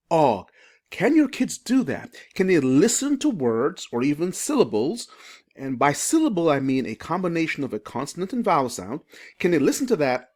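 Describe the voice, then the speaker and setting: A reading teacher speaking to parents in an educational video, asking questions and slowly sounding out letters and syllables. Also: mid-range voice. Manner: sounds out phonics slowly and asks the viewer questions.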